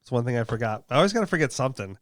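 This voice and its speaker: A man's voice: medium pitch, sing-song, racing, dry recording, studio quality. A man hosting a casual podcast chat, talking in rambling, encouraging runs full of "you know". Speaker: podcast host.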